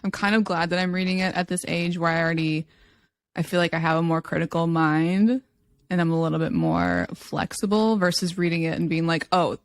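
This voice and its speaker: Low-voiced woman chatting casually, acts out what ppl said, dry close sound. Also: gravelly, no echo. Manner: animated storytelling, acts out quoted people in a raised voice. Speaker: podcast co-host. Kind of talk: casual chat.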